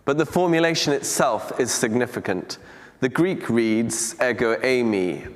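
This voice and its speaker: A man preaching a teaching talk on scripture in a church, speaking in a measured, deliberate way with reflective pauses. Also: medium pitch. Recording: long church reverb.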